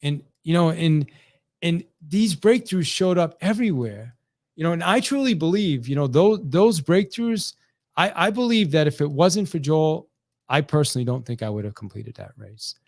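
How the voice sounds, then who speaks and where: A middle-aged man tells a motivational story to a sales audience, acting out each quoted line with a lot of energy. His voice sits fairly high for a man and keeps restarting sentences as he pushes on. The sound is dry and close, with no room around it. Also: normal speed, dry recording. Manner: animated, acts out quoted dialogue, frequent restarts. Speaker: sales trainer.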